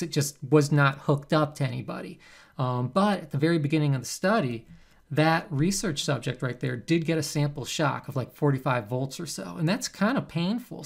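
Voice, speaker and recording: A man, a psychology professor, giving a recorded lecture in a conversational, animated way. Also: a little high, vocal fry. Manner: conversational, animated, acts out quoted subjects.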